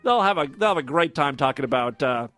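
A man's voice: fairly high pitch, animated, fast, bright, forceful tone, soft background music. A man hosting a comedy podcast, reading odd news stories aloud with sarcastic, mocking asides. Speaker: podcast host.

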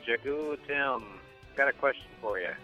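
A man's voice: medium pitch, normal speed, dull audio, faint music behind. A man leaving a casual, crude joking question on a podcast voicemail line. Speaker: caller on voicemail.

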